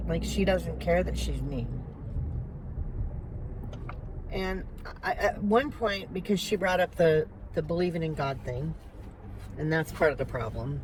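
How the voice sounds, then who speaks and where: Upset older woman over loud car noise. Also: fairly low pitch. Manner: upset, recounting an argument, holding back tears. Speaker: vlogger. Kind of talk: emotional personal vlog.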